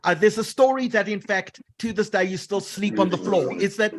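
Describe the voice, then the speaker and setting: Brief: male moderator, high voice, friendly, halting questions. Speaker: host. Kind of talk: moderating a panel talk.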